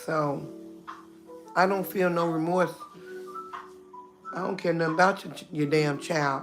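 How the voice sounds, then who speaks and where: A woman's voice: low-pitched, steady tone, a little slow, long pauses, music in the background. A middle-aged woman hosting a casual livestream, talking bluntly, greeting viewers by name and laughing often. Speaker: livestream host.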